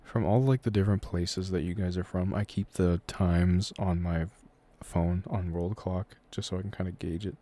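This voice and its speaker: Low, mellow young man chatting casually. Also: normal speed, hardly any pauses. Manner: relaxed and rambling, answering chat with frequent hedges and fillers. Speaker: audio creator hosting a live Q&A. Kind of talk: casual live-stream chat. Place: room at home.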